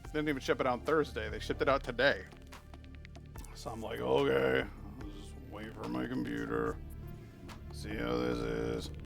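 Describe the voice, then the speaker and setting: A man's voice: mid-range voice, steady tone, normal speed, gravelly, over music. A man live-streaming a video game, chatting playfully with viewers and cooing at the creatures on screen. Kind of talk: casual live-stream chat while playing.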